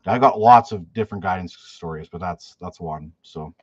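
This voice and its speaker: His voice sits low with a breathy edge, and he keeps a moderate pace. The man, a fishing guide and YouTuber, casually chats on a live stream, reading viewer questions and spinning rambling stories full of restarts, fillers and "like." The audio is dull, lo-fi and dry, with no echo.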